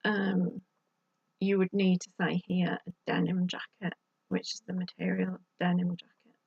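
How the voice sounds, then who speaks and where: Female vlogger, husky and dry-sounding, slightly muffled home recording. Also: fairly low pitch, flat delivery, normal speed, dry recording. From United Kingdom. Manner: chatty, exasperated asides. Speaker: YouTube vlogger. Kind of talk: casual advice to camera.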